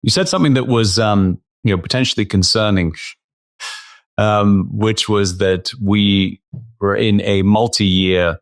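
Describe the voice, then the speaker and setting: A man co-hosting a finance podcast, introducing himself and asking measured questions with some hesitation. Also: lowish voice, dry recording, clean studio sound. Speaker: podcast co-host, company founder. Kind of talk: podcast interview.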